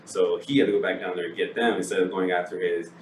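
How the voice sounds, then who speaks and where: A man co-hosting a casual movie review podcast, retelling scenes in a lively way and acting out the characters' lines. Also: low-pitched, quick pace. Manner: animated retelling, acts out quotes, laughs often. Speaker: podcast co-host. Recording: echoey room, distant mic, faint noise.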